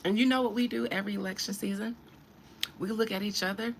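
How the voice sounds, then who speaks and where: A woman's voice: mid-range voice, steady tone, quick pace, a little hiss or hum. Emphatic woman holding forth on a podcast. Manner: emphatic, preachy, addresses listeners directly. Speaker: podcast host. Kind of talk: casual commentary.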